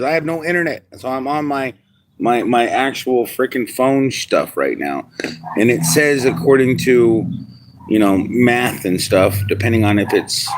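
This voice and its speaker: Livestreamer, man from New York, lowish voice, rambling and profane, talks straight to chat. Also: slight background noise. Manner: rambling, frequent restarts and swearing, chats to viewers. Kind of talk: casual live stream rant.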